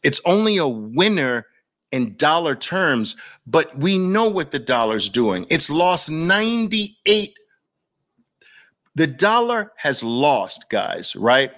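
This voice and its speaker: A man's voice: mid-range voice, big pitch swings, slow pace, fairly bright tone. A man giving a persuasive masterclass talk as a trading educator, emphatic, with repeated punchy lines and rhetorical questions. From Brooklyn, New York.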